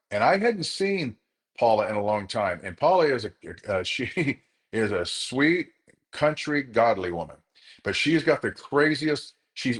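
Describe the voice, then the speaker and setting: A man speaks to a group in a motivational talk, telling them a story about his day. His voice sits at an ordinary middle pitch. He is earnest and repeats words to drive a point home. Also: a bit bright. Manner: addresses the group directly. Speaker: chiropractor leading a group session.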